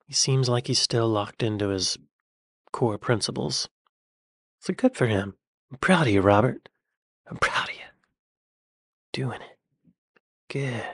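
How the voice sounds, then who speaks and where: American man, reaction video host, casual musing chat, mid pitch, dry close sound. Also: dry recording. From United States. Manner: chatty, musing aloud, drops to near-whispers.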